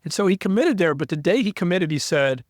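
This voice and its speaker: A man from Cincinnati talks as an interview guest, earnest and heartfelt, often restarting his sentences. His voice sits a little high. The sound is dry and close. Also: expressive, fast, dry recording. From Cincinnati, United States. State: moved close to tears. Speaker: interview guest, sports broadcaster. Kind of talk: candid conversational interview.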